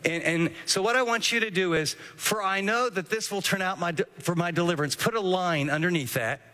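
A man delivers an earnest sermon, teaching from scripture and telling listeners what to underline. His voice sits high and bright. A long reverb trails behind him, as in a large hall. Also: fairly quick. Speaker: pastor.

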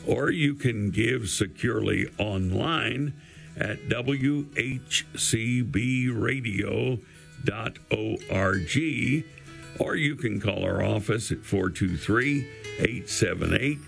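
A man's gravelly, creaky voice carries an earnest radio donation appeal at an unhurried pace. He spells out and repeats each detail with care. Soft guitar music plays faintly behind him. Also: fairly low pitch. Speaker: radio station fundraiser.

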